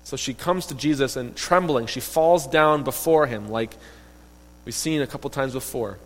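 A man preaching a sermon, retelling a story in a lively, emphatic way and voicing the quoted characters. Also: mid-range voice, moderate pace. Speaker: pastor. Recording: long reverb of a hall.

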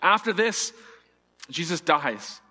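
Bright-voiced man preaching a sermon. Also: on the high side, very animated, slow pace, big-room sound. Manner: earnest, acting out scripture dialogue with shifting emphasis. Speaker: pastor.

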